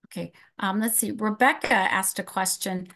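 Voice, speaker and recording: A woman's voice: medium pitch, moderate pace, a bit bright. A middle-aged woman presenting a live webinar, answering audience questions from the chat in a conversational way.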